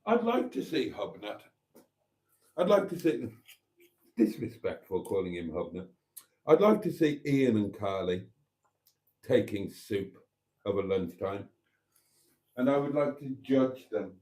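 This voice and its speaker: Male stream host, mellow tone, wry and theatrical, rambling over a glass of wine. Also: lowish voice, measured pace, long pauses. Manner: wry, theatrical, calls viewers darlings; relaxed and a bit rambling, sipping wine. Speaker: channel host. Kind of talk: live stream chat reading viewer comments.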